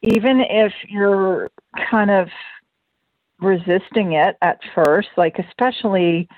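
A woman hosting a casual interview, asking slow, reflective questions. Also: medium pitch, dry recording. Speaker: host. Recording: dry, phone-like narrow band.

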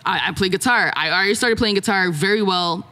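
A woman's voice: medium pitch, fairly quick. A young woman from Jamaica, a podcast guest, telling a story casually and acting out what others said. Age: young adult. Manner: animated, acts out quotes of others.

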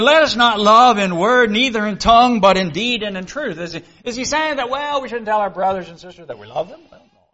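Male preacher, high bright voice, folksy sermon style with rhetorical questions, dull lo-fi recording.

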